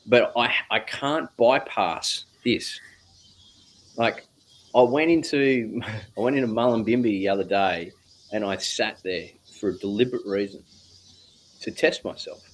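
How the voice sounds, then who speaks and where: A man, a guest speaking slowly and reflectively on spiritual ideas, with drawn-out phrasing and casual swearing. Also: on the low side, a little hiss or hum.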